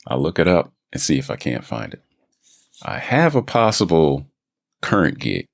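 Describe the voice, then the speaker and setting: A man with an extremely deep, gravelly voice chats loosely on his own podcast. He rambles and restarts his sentences in a relaxed way. He is recorded dry and close on a studio mic in a home booth. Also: normal speed, no echo. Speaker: voice actor and podcast host. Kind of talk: casual solo podcast chat. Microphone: studio microphone.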